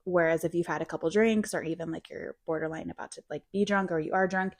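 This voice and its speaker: A low-pitched woman co-hosting a casual podcast. She tells a winding story full of fillers and asides, chatting loosely with a friend. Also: steady tone, quick pace. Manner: rambling, filler-heavy storyteller. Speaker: podcast co-host.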